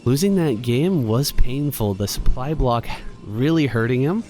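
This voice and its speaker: A man giving steady, measured play-by-play commentary on a strategy game match at a live event. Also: mid-range voice. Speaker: esports commentator. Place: venue at a LAN event.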